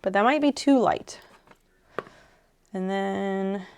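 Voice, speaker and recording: A young adult woman streaming while she crafts, chatting casually and rambling softly as she thinks aloud. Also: medium pitch, slow, gravelly, slight background noise.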